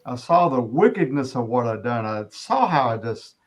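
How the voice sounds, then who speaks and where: A middle-aged man giving an earnest personal testimony as an interview guest, often halting and restarting his sentences. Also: medium pitch, very animated.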